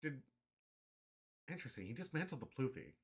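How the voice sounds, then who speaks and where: A man hosting a casual card-game livestream, excitable and prone to loud mock rants. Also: mid-range voice, fairly quick, breathy edge. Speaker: livestream host.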